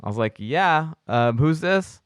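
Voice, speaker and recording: A comedian telling a story in casual podcast chat, acting out the other people's voices with big jumps in pitch. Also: male voice, lively intonation, a little slow, a bit bright, clear, resonant tone, dry recording. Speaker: comedian guest.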